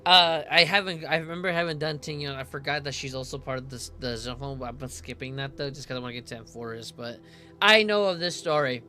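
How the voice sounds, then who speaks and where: A man's voice: mid-range voice, sharp tone, faint music behind. A young man giving casual, rambling commentary as he reacts to a story game, often hedging with filler phrases. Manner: rambling, hedging with "kinda like", quick to laugh. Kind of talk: casual let's-play commentary.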